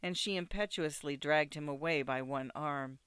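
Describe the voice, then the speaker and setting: A narrator reading classic fiction aloud in a measured, steady storytelling manner. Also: mid-range voice, clean tone, no room sound.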